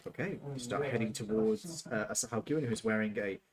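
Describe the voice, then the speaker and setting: A man's voice: lowish voice, a little fast. A man running a tabletop game as game master, casual and joking, with frequent fillers. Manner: casual, jokey, hesitant with fillers.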